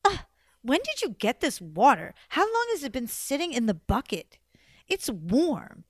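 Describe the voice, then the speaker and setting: A woman voicing a spoiled, bratty young girl who complains loudly and whines. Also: high-pitched, wildly swooping pitch, unhurried, dry recording, clean studio sound, heavily acted. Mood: complaining. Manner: whiny and demanding, loud complaints.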